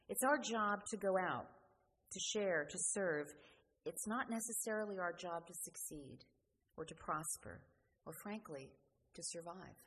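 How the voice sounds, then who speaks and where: A woman preaching a sermon, earnest and questioning, often letting her sentences fall quiet at the end. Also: fairly low pitch, slightly rough. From New Jersey. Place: church. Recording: church hall reverb, faint noise.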